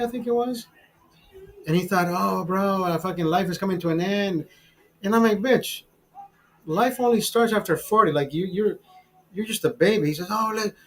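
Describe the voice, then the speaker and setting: Calling his listener "brother," a channel host in his forties spins a casual, meandering tale full of swearing, false starts and frequent laughter, like storytelling over a beer. The audio is poor, and his voice is high-pitched.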